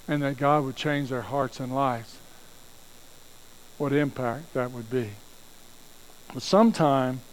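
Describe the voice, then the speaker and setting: A man's voice: on the high side, darkish tone, rough recording. A man preaching a sermon with emphasis, acting out quoted voices and praying aloud. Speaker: pastor.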